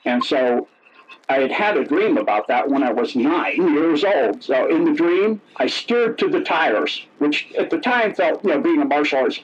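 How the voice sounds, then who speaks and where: A man's voice: fairly high pitch, expressive, normal speed, slightly rough. A middle-aged man telling stories as an interview guest, rambling and correcting himself as he goes. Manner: rambling, self-correcting, acts out quoted dialogue. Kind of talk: casual storytelling. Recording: dull lo-fi audio.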